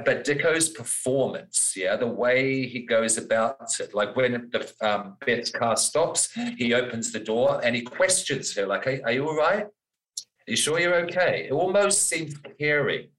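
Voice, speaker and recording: A man's voice: medium pitch, a bit bright, reverberant, low-quality recording. A man hosting a casual film discussion, recounting scenes with lots of fillers and acted-out quotes. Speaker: podcast host.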